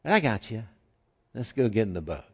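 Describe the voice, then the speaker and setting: A man voicing a calm, reassuring teacher who speaks softly and low, on a dull, lo-fi recording. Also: fairly quick. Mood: tender. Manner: hushed, soft and low.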